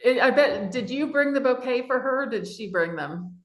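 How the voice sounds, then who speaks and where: A woman's voice: on the high side, expressive, moderate pace, reverberant. A woman hosting a casual interview, giving short encouraging responses and comments. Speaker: podcast host.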